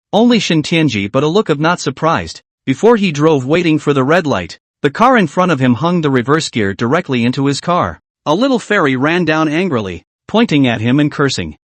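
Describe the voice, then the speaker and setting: Picture a man narrating a story in a voice that sits somewhat high for a man and leaps up and down with animation. The recording is dry and close, with no room sound at all. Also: no room sound.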